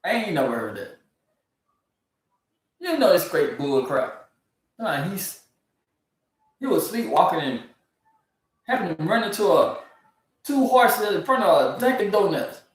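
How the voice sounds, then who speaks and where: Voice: medium pitch, sing-song, measured pace, long pauses. A speaker, ranting disbelievingly about odd news stories in a casual comedic commentary. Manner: incredulous, ranting, laughs often. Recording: very echoey, from far off the mic.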